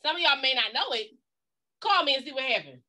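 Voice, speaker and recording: Woman co-pastor, high-pitched and bright, blunt folksy preacher. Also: animated, brisk. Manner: emphatic, folksy and blunt, with repeated catchphrases. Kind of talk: preaching-style talk on a livestream.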